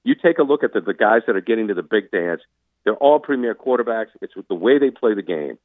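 Calling in over a tinny phone line, a man serves as a sports commentator in a casual interview, launching into emphatic, opinionated rants. His lowish voice is expressive and quick, with no echo.

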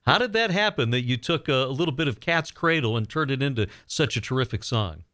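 A man's voice: mid-range voice, animated, brisk, pushed and bright, no room sound, clean studio sound. Male radio host asking questions. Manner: friendly, asks questions. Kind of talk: radio interview.

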